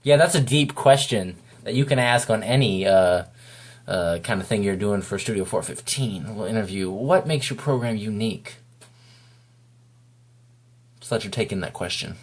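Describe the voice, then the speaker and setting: A man's voice: lowish voice, brisk. A man giving a casual, rambling spoken review of a video, talking off the cuff.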